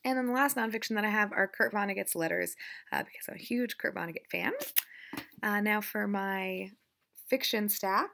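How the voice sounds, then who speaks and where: Young woman, casual chatty vlogger, rambling and self-deprecating, gravelly undertone. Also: medium pitch, moderate pace, a bit bright. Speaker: book vlogger. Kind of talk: casual chat.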